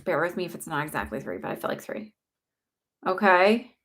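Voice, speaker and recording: A woman's voice: fairly low pitch, big pitch swings, a little fast, fairly bright tone. Chatty woman psychic on a livestream. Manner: chatty, reassuring, heavy use of "like" fillers. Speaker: psychic medium giving live readings. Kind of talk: casual livestream reading.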